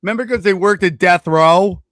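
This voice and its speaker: A man's voice: high-pitched, moderate pace, fairly bright tone, dry recording. Man, comedy podcast host, casual riffing, dry close sound. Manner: joking, riffing, bursts into goofy put-on voices.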